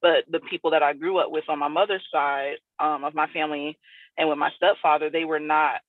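A South Florida woman with a low-sitting voice, fairly even intonation and a slightly fast pace is a guest artist in a casual interview. Her talk is loose and rambling, heavy on "like" and "you know," heard over a dry, tinny, phone-like line with no echo.

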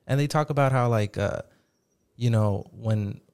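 A man's voice: mid-range voice, a little slow, gravelly, a little mellow, smooth. A man co-hosting a podcast, explaining things hesitantly and searching for words. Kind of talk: casual podcast chat.

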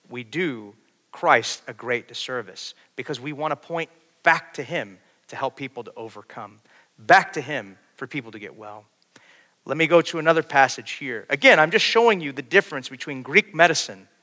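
Man preaching in a reverberant hall. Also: fairly high pitch. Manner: builds from quiet storytelling to loud, urgent preaching. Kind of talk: sermon.

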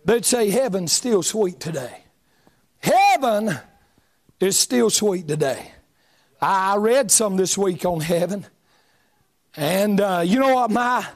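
A man preaching a fiery revival sermon in a church, with a chanting, shouting cadence full of uh fillers. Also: sits high. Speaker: pastor. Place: church sanctuary.

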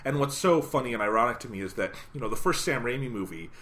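A man co-hosting a podcast, talking in a measured way about a film and reading from his own review. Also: medium pitch, lively intonation, a bit bright. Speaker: podcast co-host. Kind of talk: casual review chat.

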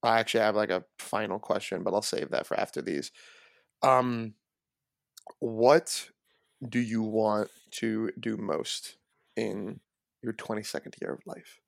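A young man with a gravelly voice full of fry, co-hosting a casual podcast. He asks his questions in a playful, teasing way, and the recording is dry and close. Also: on the low side, steady tone, measured pace, long pauses, no echo. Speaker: podcast co-host asking questions. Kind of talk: casual chat.

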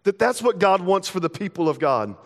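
Brief: young man, pastor preaching, slightly high voice, long hall reverb, casual and playful. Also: very animated. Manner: casual, playful, acts out everyday dialogue in quick asides. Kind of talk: sermon. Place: church sanctuary.

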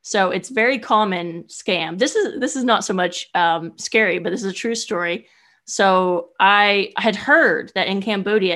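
Young woman guest; animated, filler-heavy storyteller. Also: medium pitch. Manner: animated, chatty, many "like" fillers. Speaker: guest, solo traveler. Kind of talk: casual storytelling.

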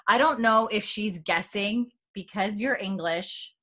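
A woman's voice: mid-range voice, unhurried, sharp tone. A woman hosting a casual chat, recapping a TV episode in a rambling way with many fillers.

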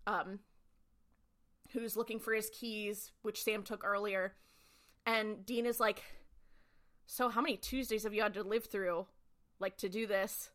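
A young woman co-hosting a podcast, retelling a TV episode in a quick, lively way and acting out the characters' lines. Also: medium pitch. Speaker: podcast co-host. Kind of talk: casual recap chat.

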